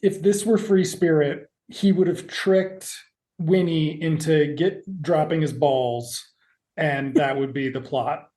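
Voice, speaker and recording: A woman's voice: low voice, steady tone, takes it slowly, warm tone. A woman co-hosting a podcast, recapping a TV episode in casual, profane, jokey chat and acting out the characters' lines. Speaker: podcast co-host.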